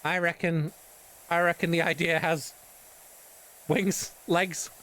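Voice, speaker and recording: A man's voice: fairly high pitch, little pitch movement, slow, sharp tone. A British man streaming casual chat, rambling and swearing often between laughs.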